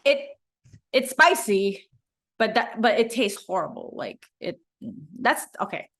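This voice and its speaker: Lively young woman podcast co-host. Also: a little high. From Macau. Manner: animated, quick storytelling with laughs. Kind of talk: casual chat.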